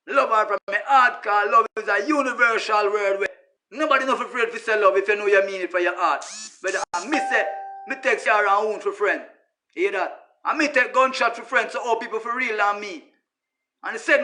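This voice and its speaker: A Jamaican man with a high, bright voice delivers a casual monologue that rambles and repeats itself. He talks emphatically in patois and keeps turning to his listeners with "you hear that?". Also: fairly quick. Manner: emphatic, repetitive, addresses listeners as brother. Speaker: social media personality.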